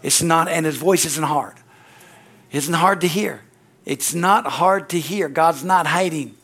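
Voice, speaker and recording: A man's voice: unhurried, a bit bright. A male pastor preaching energetically, calling out amen and hallelujah and acting out little dialogues. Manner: acts out little dialogues with sudden high-pitched voices. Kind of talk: sermon.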